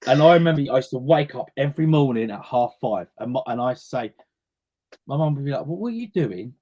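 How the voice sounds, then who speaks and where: A guest singer being interviewed talks casually in a warm, mid-range voice at a fairly quick clip. He's a chatty storyteller who acts out the voices of the people he quotes. The recording has a lo-fi quality.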